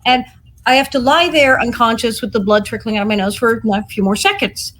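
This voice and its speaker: A woman with a slightly high voice tells a story over a video call. She is animated and acts out each quoted line. A faint hiss runs under the audio. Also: a little fast. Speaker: panel guest, actress. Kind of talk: anecdotal chat.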